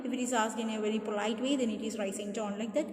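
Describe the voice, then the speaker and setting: A woman teacher with a fairly high voice talks through a lesson step by step, going back over each point. She acts out short example sentences as she goes. The room is echoey, with a long reverb tail. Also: steady tone, quick pace, darkish tone. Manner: explanatory, repeats points, demonstrates intonation. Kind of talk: classroom lecture.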